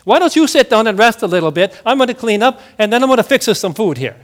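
Kindly, folksy master, as a preacher puts him on. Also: male voice, high-pitched, animated, quick pace, voice pushed up. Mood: friendly. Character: kindly master, a friendly working man.

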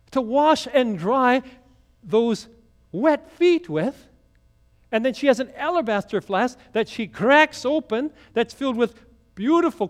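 Male pastor, higher voice, storytelling sermon with chatty asides. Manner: storytelling, conversational asides to the congregation.

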